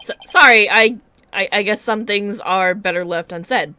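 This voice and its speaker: A woman's voice: mid-range voice, moderate pace, a little hiss or hum, lightly acted. A woman playing a stammering young lawyer. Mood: urgent. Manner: stammering, loud, flustered. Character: nervous young male defense attorney, loud and jumpy. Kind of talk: reading game dialogue aloud.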